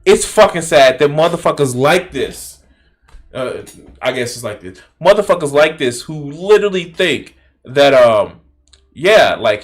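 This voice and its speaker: A man streaming and reacting to a video in casual, profane, incredulous commentary. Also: on the high side.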